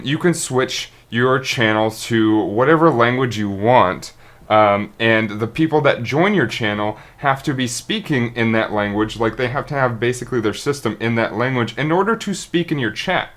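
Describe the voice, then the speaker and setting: A man's voice: medium pitch, moderate pace, a bit bright. Rambling, earnest male streamer. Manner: rambling, earnest, restarts and trips over words. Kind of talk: unscripted monologue to camera.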